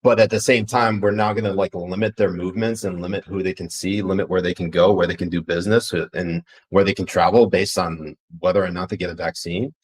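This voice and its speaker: Deep-voiced, profane podcast host. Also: male voice, fairly even intonation, fairly quick, hardly any pauses, low-quality recording. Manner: blunt and profane, rambling with restarts. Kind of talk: casual political podcast chat.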